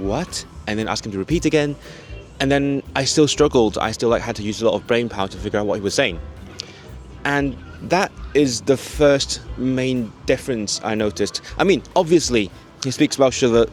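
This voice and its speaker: Young male language vlogger, chatty self-talk outdoors, windy street, mid pitch, faint music under. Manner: chatty, thinking aloud, self-talk while walking. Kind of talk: casual vlog monologue. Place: outdoors in town streets at dusk. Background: wind, traffic and faint music.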